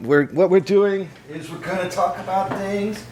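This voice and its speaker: A man's voice: high voice, normal speed, a little mellow, slight background noise, voice pushed up, lightly acted. A man voicing an eager amateur podcast host who rambles on while saying very little, as a parody sketch. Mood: over-eager.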